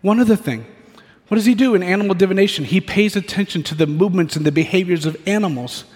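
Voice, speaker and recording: Animated storytelling male preacher. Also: sits high, quick pace. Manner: animated, storytelling, playful asides. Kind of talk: sermon. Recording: echoey hall reverb.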